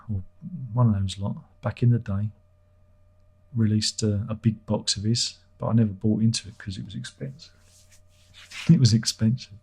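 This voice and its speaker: Husky, mellow-voiced man on a livestream. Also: medium pitch. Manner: irreverent, joking, swears freely. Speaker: livestream host. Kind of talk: casual livestream chat reading viewer comments.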